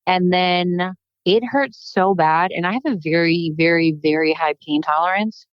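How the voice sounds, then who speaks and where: A woman guest on a casual podcast, telling animated stories and acting out what people said. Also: fairly low pitch, normal speed, clean tone, no echo. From United States. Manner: animated storytelling, acts out quotes. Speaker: guest, plastic surgeon. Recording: dull, muffled podcast recording.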